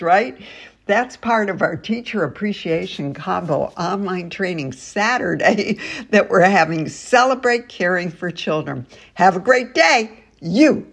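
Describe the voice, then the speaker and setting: A woman giving casual tips on getting children to listen, laughing often and acting out calm teacher phrases. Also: fairly low pitch, unhurried, gravelly, husky. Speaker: early childhood trainer.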